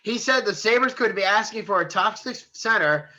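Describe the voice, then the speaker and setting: A man's voice: sits high, lively intonation, moderate pace, sharp tone, muffled recording. A man co-hosting a podcast, rambling and laughing at his own jokes in casual banter. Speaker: podcast co-host.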